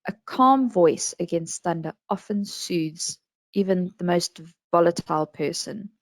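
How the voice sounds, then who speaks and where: A woman with a South African accent giving calm, measured advice on handling complaints in a business webinar. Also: on the low side, dry recording. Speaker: national complaints administrator.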